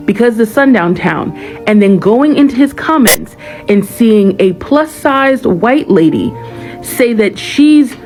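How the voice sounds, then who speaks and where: A woman's voice: medium pitch, darkish tone, poor audio. Sarcastic woman with faint music behind. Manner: sarcastic, mocking. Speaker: social media commentator. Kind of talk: direct-to-camera commentary.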